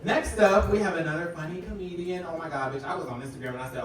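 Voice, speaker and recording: A man's voice: on the high side, fast talker. A man hosting a live comedy show, chatty and hyping the crowd as he introduces acts. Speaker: show host. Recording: echoey room from far off, loud noise.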